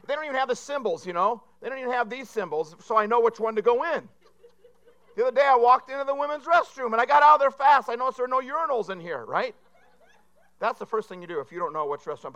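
A man's voice: high-pitched, fairly bright tone. A man preaching a sermon, telling rambling, self-deprecating jokes to a congregation. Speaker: pastor. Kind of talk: humorous sermon.

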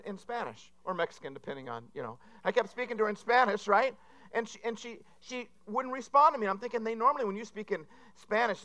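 High bright voice, pastor guy rambling through funny stories in a sermon. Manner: rambling, self-deprecating joke-telling. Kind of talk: humorous sermon.

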